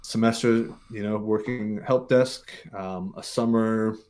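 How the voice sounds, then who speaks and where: His lowish, darkish voice holds a steady tone and an unhurried pace. He's a Mississippi-born American in his forties, a guest on a podcast, casually telling interview stories with plenty of fillers and false starts.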